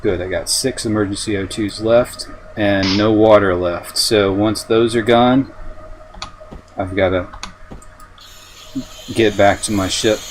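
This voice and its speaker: A man streaming a game, thinking aloud as he searches, often halting and restarting. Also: on the low side, steady tone, a little hiss or hum, poor audio. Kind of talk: live-stream gameplay commentary.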